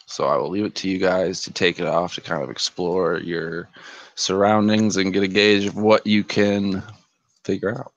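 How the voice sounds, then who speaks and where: Low rambling game master man. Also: level tone, normal speed, no room sound, highs cut off. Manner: rambling, filler-heavy narration. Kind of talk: narrating a tabletop game.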